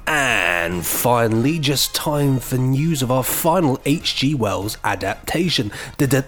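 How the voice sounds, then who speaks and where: Lively, jokey podcast co-host. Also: male voice, medium pitch, takes it slowly, faint music behind. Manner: jokey, sing-song, hams it up. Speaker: podcast co-host reading news. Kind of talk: casual podcast chat.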